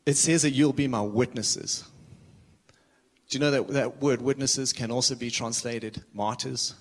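A man's voice: medium pitch, steady tone, measured pace. A man preaching a sermon with urgency, earnest and a little self-deprecating, often restarting his words. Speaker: visiting preacher.

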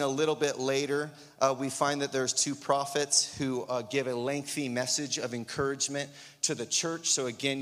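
A man preaching a sermon as pastor, exuberant and animated, calling out to the congregation to repeat after him. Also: medium pitch. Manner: exuberant, shouts of excitement, asks congregation to repeat. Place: church sanctuary. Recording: long reverb of a large hall.

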